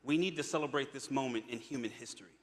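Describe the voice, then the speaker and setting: A man's voice: medium pitch, fast talker. A man, an astronaut, giving an upbeat, earnest public speech to an audience in a large hall. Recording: long hall reverb.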